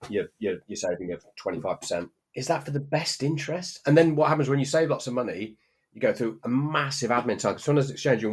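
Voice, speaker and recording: A middle-aged man co-hosts a podcast and tells work stories with emphasis. His voice is fairly low and husky, and he acts out both sides of quoted exchanges. His tone stays casual and conversational. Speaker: podcast co-host. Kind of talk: casual chat.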